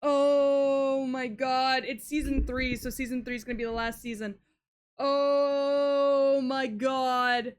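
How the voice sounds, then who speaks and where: A woman's voice: high-pitched, level tone, slow, clean tone. A young woman streaming live, chatting casually with her audience, swearing often and shrieking when thrilled. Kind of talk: casual livestream chat.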